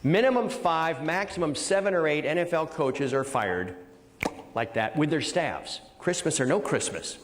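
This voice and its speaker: A man's voice: fairly high pitch, normal speed, big-room sound. Older man giving a punchy keynote speech. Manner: energetic storyteller with punchy repetition. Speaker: motivational speaker.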